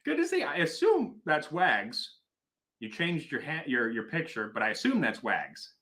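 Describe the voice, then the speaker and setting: Speaking at a measured pace, this Milwaukee-area Wisconsin man has a mid-range voice with a bright, forceful tone and very animated delivery. He runs a laid-back whiskey livestream as reviewer and host, reading out comments, poking fun at himself and swearing casually.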